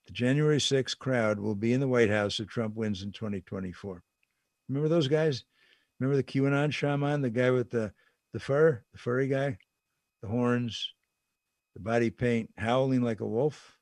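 A man's voice: medium pitch, normal speed, pauses often, dry recording, studio quality. An older man giving casual political commentary, talking conversationally and repeating phrases for emphasis.

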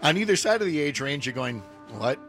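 A man's voice: a little high, animated, fast talker, music in the background. A man hosting a morning radio show, chatting casually and laughing often with his co-hosts.

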